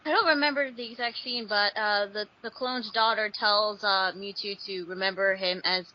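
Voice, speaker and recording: A woman's voice: medium pitch, fairly even intonation, moderate pace. A woman talks casually with friends, rambling along with lots of ums and uhs. Her voice sits in an ordinary range. The recording is dull and lo-fi. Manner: rambling with many fillers. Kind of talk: casual group chat.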